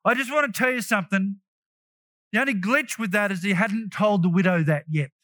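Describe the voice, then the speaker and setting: A man with a high, bright, cutting voice preaches a lively sermon, shouting out his points and tossing in playful asides. The sound is close and dry, with no room around it. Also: brisk, no echo. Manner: animated and emphatic, with bursts of shouting and joking asides. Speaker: pastor.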